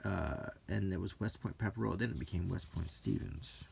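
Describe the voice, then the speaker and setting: A man from the United States softly reading aloud from an old magazine and musing in asides, in a soft-spoken unintentional ASMR style. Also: low voice, normal speed, creaky, slight background noise. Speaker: host flipping through an old magazine.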